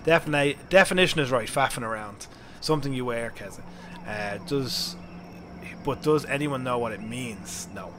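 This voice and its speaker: Irish male streamer, casual and chatty, mid-pitched, noisy background. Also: normal speed. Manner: chatty, laughs often, thinks aloud. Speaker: game streamer. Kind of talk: casual live-stream chat.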